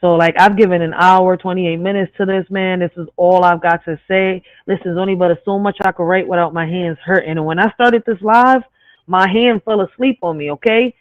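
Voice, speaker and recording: A man's voice: sits high, fairly even intonation, fairly quick, clear, resonant tone, no room sound. A man hosting a live stream, reading reflective poetry and asking rhetorical questions, often tagging his points with "right?". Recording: dry tinny phone-like sound.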